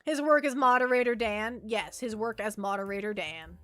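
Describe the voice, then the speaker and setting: A woman's voice: on the high side, moderate pace, bright, forceful tone, dry recording, clean studio sound, faint music behind. A woman streaming as a VTuber, chatting casually with her viewers and reading the chat aloud, often trailing off and restarting.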